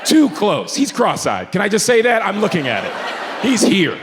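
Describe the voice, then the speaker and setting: A man telling a stand-up story on a club stage, moving from low mutters to shouted punchlines. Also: very animated, moderate pace. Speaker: stand-up comedian. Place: comedy club stage before a live audience. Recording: live club recording, long reverb, crowd noise. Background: audience laughter.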